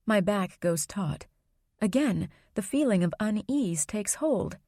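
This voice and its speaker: A woman reading a first-person audiobook in an even, measured narration. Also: mid-range voice, no room sound, studio quality.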